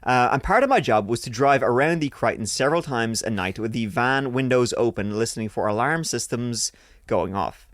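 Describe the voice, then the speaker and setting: A man's voice: mid-range voice, lively intonation, normal speed, no room sound, studio quality. A man hosting a podcast, reading listener stories aloud and breaking in with crude jokes. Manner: crude joking asides between read passages. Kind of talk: casual podcast banter while reading aloud.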